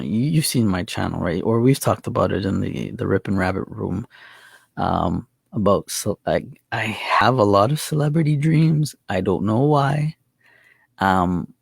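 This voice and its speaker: A man's voice: fairly low pitch, gravelly, a little mellow, husky, no echo. A man hosting a casual chat, rambling through a story with restarts and chuckles. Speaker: channel host.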